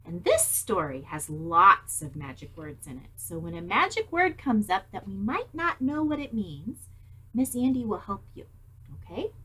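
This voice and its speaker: A woman reading a picture book aloud to young children, animated and asking them questions. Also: mid-range voice, moderate pace, slightly rough. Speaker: storytime reader.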